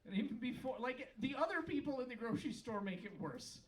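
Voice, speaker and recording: Male stand-up comic, high-pitched, sarcastic riffing; live club recording, mic at a distance. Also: fairly quick. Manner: sarcastic, deadpan riffing with sudden loud outbursts. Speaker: stand-up comedian. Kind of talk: stand-up comedy set. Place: comedy club stage before a laughing crowd. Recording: live club recording, crowd laughter, from far off.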